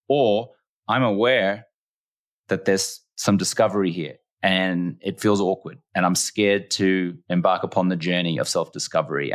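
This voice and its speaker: A very low-pitched Australian man speaking as an interview guest. He tells his stories earnestly and leans on repeated phrases for emphasis, with a reflective, conversational delivery. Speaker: podcast guest.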